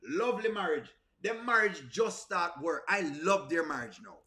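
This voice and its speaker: Jamaican man, high, bright voice, teasing comic reaction host. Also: very animated, moderate pace. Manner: playful, teasing, breaks into song. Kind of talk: comedic reaction commentary.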